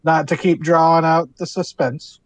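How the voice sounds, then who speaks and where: A man's voice: fairly high pitch, little pitch movement, moderate pace, no echo. A man working as game master and narrating a tabletop role-play game, rambling with fillers and restarts.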